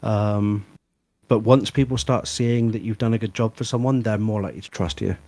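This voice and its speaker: A man's voice: on the low side, steady tone, moderate pace, darkish tone. A man giving practical business advice in a casual live stream chat, with chatty fillers. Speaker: guest and fellow tradesman.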